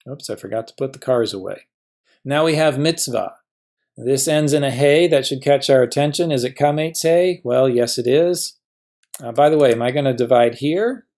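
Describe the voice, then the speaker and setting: Male teacher, mid-pitched, patient lecture voice that poses and answers its own questions. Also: darkish tone. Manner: patient, asks questions and answers them himself. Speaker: Hebrew teacher. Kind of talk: classroom grammar lesson.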